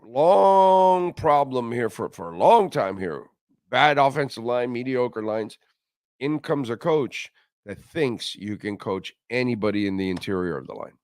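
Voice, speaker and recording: A man's voice: on the low side, no room sound, studio quality. A man hosting a sports radio show, talking football in a blunt, profane, rambling way and reading sponsor ads. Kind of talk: casual sports talk and live ad reads.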